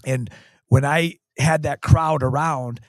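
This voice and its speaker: A man's voice: on the high side, steady tone, slow, no room sound. Earnest storytelling man, dry sound. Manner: earnest, emphatic retelling with repeated phrases. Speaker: county sheriff, guest. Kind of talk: storytelling in a talk show interview.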